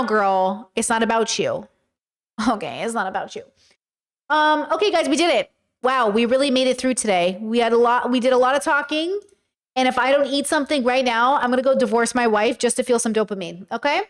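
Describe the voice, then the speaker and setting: A woman streamer chatting casually with her viewers, joking and laughing often. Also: on the high side. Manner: giggly, jokey, talks to chat. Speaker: streamer reacting to videos. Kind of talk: casual livestream chat.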